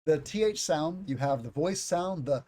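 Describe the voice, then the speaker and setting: A man teaching English pronunciation on a live stream, explaining slowly, demonstrating sounds and joking, with a bit of sinus congestion. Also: on the high side, animated, dark tone.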